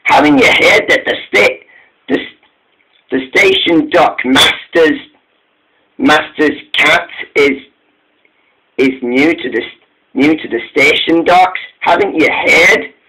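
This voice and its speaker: A man's voice: a little high, slow pace, pauses often, pushed and bright, poor audio. A man voicing a chatty male engine passing on station gossip in a storybook tale. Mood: gossipy.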